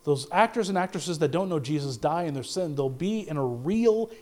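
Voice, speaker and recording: A man preaching a sermon with passion, swinging from loud declarations to low, quiet lines, often stumbling and restarting. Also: lively intonation, normal speed. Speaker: pastor.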